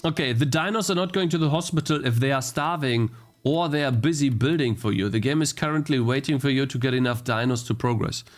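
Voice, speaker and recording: A man's voice: medium pitch, brisk, faint music behind. A young man streaming a game he is playing, thinking aloud, restarting his sentences and getting easily frustrated. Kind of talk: live-stream gameplay commentary.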